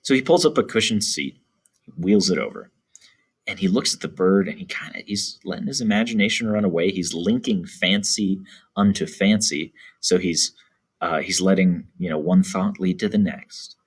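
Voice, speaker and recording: Low husky-voiced male teacher. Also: normal speed. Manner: casual, filler-heavy explaining aimed at teens. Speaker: English teacher. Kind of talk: reading a poem aloud and explaining it to a class.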